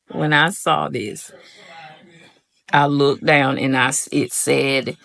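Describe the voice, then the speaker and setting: A woman's voice: very deep voice, takes it slowly, creaky. A young woman, telling her own story to viewers in a casual vlog and acting out what she said back then. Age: young adult. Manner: animated retelling, acts out her own quoted voice; addresses viewers as y'all. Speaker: vlogger.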